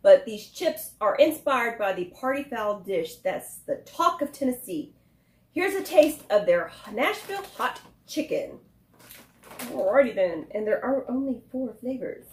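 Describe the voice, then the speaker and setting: A woman's voice: fairly high pitch, big pitch swings, measured pace, a little mellow. Young woman, food vlogger, chatty and self-mocking; roomy echo, light background hiss. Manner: chatty, laughs often, pokes fun at herself. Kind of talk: casual chat. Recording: echoey room, faint noise.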